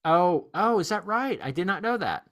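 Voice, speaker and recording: A man's voice: high-pitched, normal speed. A man hosting a podcast, chatting casually with a guest and laughing often. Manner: chuckles often, relaxed and chatty. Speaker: podcast host. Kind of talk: casual chat.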